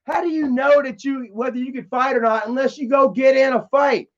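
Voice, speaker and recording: A man with a high voice rambles through profane stories on a live stream, laughing at his own tales. The sound is dull and lo-fi. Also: steady tone, a little fast. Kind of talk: casual storytelling to chat.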